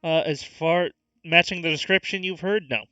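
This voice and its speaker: Man, game master, casual narration, very bright tense voice, dry close mic. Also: a little high, clear, resonant tone, no echo, dull audio, faint music behind. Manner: casual, laughs often, halting.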